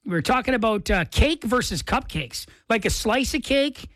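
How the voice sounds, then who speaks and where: A man's voice: very high voice, lively intonation, moderate pace, a bit bright, dry recording. A man hosting a casual radio show, chatty and rambling with lots of fillers. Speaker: radio host. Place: radio studio.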